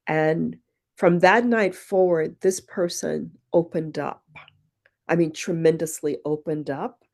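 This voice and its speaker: A poet and retreat founder, guesting on a podcast, speaks slowly in a low, slightly mellow voice with fairly even intonation. Her talk is reflective storytelling from her own life, and she acts out the quoted exchanges.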